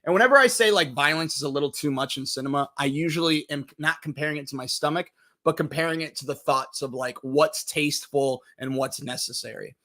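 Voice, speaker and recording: A young man hosting a casual movie review stream, telling stories animatedly and swearing freely. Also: a little fast. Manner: animated storytelling, swears freely, jumps in pitch acting out quotes.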